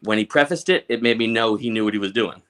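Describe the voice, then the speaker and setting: A man's voice: on the low side, quick pace, a bit bright. A man, a podcast guest, recounting a personal story in an emotional, emphatic way, often restarting and repeating words. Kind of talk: conversational storytelling.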